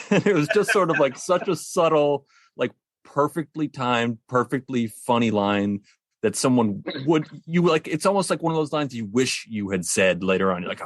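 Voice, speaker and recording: A man's voice: mid-range voice, expressive, moderate pace, dry recording, studio quality. A man co-hosting a podcast, talking casually in a rambling, hesitant way with frequent restarts. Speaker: podcast co-host.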